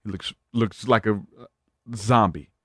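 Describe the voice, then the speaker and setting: A man's voice: on the low side, unhurried, pushed and bright, no echo. Man rambling on a dry podcast mic. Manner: rambling, with many fillers and restarts. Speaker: podcast guest. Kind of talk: casual storytelling chat.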